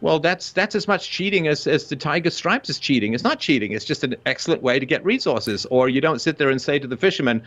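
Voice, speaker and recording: A man speaking as a guest, arguing in a lively, conversational way and dropping into short mock quotes. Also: a little high, quick pace, hardly any pauses. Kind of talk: conversational argument. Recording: dull lo-fi sound.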